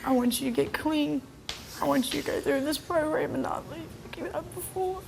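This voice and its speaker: A middle-aged woman, a mother on a talk show, pleading emotionally and often speaking softly. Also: high-pitched, moderate pace, gravelly, background noise.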